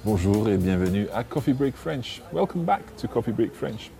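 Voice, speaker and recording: A man's voice: mid-range voice, big pitch swings, music in the background. Patient man teaching French phrases. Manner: patient, clear, repeats phrases slowly. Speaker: language teacher host. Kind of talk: podcast language lesson.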